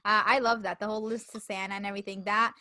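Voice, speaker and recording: A woman's voice: mid-range voice, level tone, quick pace, pushed and bright, no room sound, studio quality. A young woman co-hosting a podcast, chatting casually and telling stories animatedly with lots of likes and laughter. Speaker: podcast co-host. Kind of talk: casual chat.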